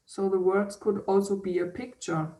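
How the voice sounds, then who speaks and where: A woman interviewer who speaks gently and hesitantly, with many false starts. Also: mid-range voice, steady tone, moderate pace. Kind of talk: casual interview conversation. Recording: roomy, distant from the mic.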